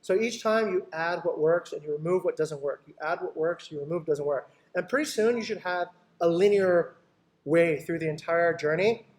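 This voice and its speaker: A man's voice: on the high side, normal speed. A man, a company boss, coaching his sales team in an online meeting, acting out client talks and often checking in with "right?". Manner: lively, acts out client dialogues, keeps asking "right?".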